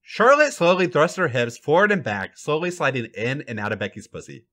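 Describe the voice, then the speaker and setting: Lively man reading a story aloud. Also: fairly high pitch, brisk, noisy background. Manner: animated, swooping delivery. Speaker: podcast host reading fan fiction.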